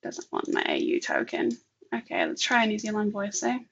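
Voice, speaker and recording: A woman co-hosting an online talk, chatting casually and thinking aloud while demonstrating software, laughing often. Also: medium pitch, huge pitch swings, normal speed, vocal fry, lo-fi sound, a little hiss or hum. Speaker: webinar co-host. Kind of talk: casual live demo chat.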